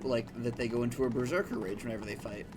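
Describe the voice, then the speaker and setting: A man's voice: medium pitch, fast talker, over music. A man chatting casually while playing a video game, rambling through a story with lots of fillers and the odd swear. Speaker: gaming streamer. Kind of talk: casual let's-play commentary.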